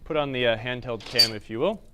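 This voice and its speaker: A man hosting a live stream, explaining a pinball repair quickly with lots of fillers, tired but energetic. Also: medium pitch, heavy background noise. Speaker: pinball repair technician host. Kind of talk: live-stream technical chat.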